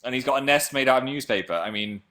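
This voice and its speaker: Rambling, jokey man on a livestream. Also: fast talker. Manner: rambling, jokey, with sudden excited jumps in pitch and volume. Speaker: livestream host reading viewer comments. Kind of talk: casual chat.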